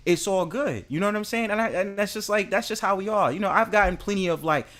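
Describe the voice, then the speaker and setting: A man's voice: high-pitched, fast, fairly bright tone, slight background noise. A man with a New York accent hosting a casual live-stream group chat. He talks emphatically, repeats himself and talks over others.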